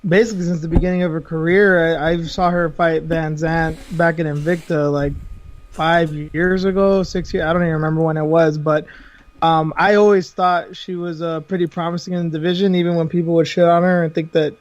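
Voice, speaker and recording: A man's voice: on the high side, flat delivery, brisk, no echo. A man joining a panel over a remote call, rambling through his fight analysis with lots of fillers. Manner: rambling, with many fillers and restarts. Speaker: panel guest. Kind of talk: casual analysis. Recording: dull dry lo-fi call audio.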